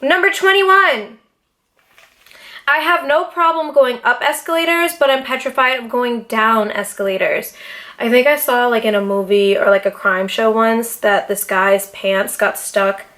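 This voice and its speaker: Animated, profane young woman vlogger. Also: a little high, a little slow. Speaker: YouTuber. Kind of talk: casual sit-down vlog. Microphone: camera mic, seated in front of camera.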